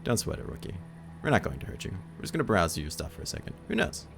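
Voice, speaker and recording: A man's voice: sits low, huge pitch swings, fast, creaky, noisy background, full character voice. A man putting on a Russian-accented thug. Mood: mocking. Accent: Russian, put on. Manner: menacing with false friendliness. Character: burly male thug, Russian-accented, mockingly friendly.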